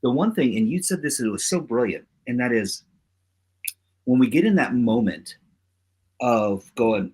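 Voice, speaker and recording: A man's voice: mid-range voice, lively intonation, a little slow, long pauses, a little mellow, slightly rough. A man co-hosting a casual talk show, speaking emphatically and acting out quotes from his stories. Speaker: co-host. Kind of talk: casual chat.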